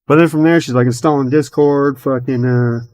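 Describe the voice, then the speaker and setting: A man's voice: medium pitch, fairly even intonation, moderate pace, a little mellow, no room sound. Profane, rambling man telling a story. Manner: rambling storyteller, swears constantly, many fillers; retells his own and others' words as quoted dialogue. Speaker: podcast host. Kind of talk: casual chat.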